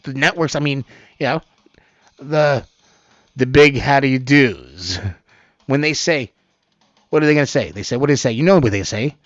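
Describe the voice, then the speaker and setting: A man hosting a homemade news commentary show, rambling, swearing and laughing, with his voice swinging from low mumbles up to loud outbursts. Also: moderate pace, long pauses, dry recording, dull audio. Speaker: host of an amateur online news show.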